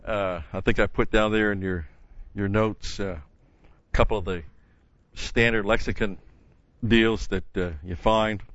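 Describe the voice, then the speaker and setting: Man, Bible study teacher, low voice, earnest and emphatic, dry close sound. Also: steady tone, unhurried, fairly bright tone, no room sound, lo-fi sound. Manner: earnest, emphatic, with frequent fillers and restarts.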